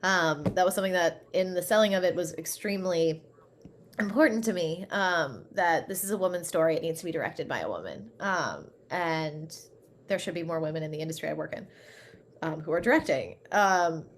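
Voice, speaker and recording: A woman's voice: lowish voice, lively intonation, a little fast, a little hiss or hum. A woman in her thirties, an author in an interview, talking animatedly with many fillers and restarts and laughing often. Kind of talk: interview conversation.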